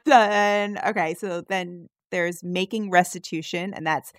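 A woman co-hosting a podcast in casual chat, relaxed and giggly as she reads out a list. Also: on the low side, unhurried, dry recording, clean studio sound. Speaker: podcast co-host.

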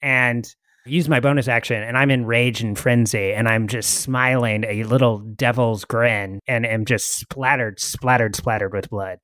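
A man's voice: medium pitch, steady tone, measured pace, no echo, studio quality. Boisterous man playing a tabletop game. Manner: boisterous, laughing, shouty outbursts. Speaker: player.

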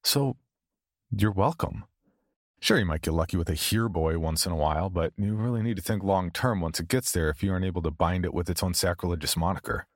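A man with a very low voice reads a first-person horror story aloud. His delivery is wry, sardonic and offhand, like casual chat. The recording is close and dry. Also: brisk, dry recording. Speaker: narrator.

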